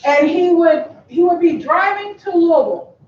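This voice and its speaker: At a memorial service venue, a woman from Kentucky delivers an affectionate eulogy, often laughing between lines. Her voice is very high-pitched, expressive, and a little mellow at a moderate pace, and the recording sounds echoey, distant, and muffled.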